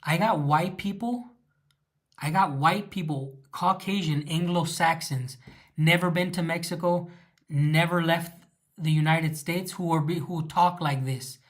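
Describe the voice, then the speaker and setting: Unhurried, with a voice on the high side, he hosts a casual Q&A livestream from his home in Russia. The Southern California native speaks with a Chicano English accent and rambles over viewer questions, halting to restart sentences with many ums.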